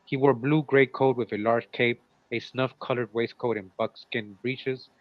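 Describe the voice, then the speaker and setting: Casual male co-host reading old notices aloud, stopping to comment. Mid pitch, dry and muffled lo-fi recording. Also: fairly even intonation, moderate pace, no echo. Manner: reads old runaway ads, breaks off with asides. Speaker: show co-host. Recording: dull, lo-fi sound.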